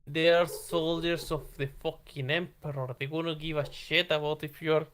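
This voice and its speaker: A podcast co-host joins the banter with crude, sweary jokes. The voice sits at a middle pitch. The talk is loose and offhand. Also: level tone, normal speed, fairly bright tone.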